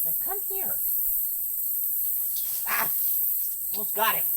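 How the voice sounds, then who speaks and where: A woman filming a vlog outdoors by a house deck on a handheld phone, excitable and swearing, talking to a snake and her cats. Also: on the high side, slow, very noisy. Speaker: vlogger.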